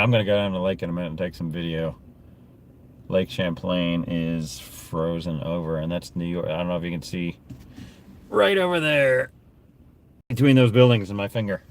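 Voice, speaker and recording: A man with a low-pitched, slightly mellow voice livestreams while driving through a town, chatting casually with viewers and talking to himself with amusement. The car interior is noisy, with road and engine sounds in the background.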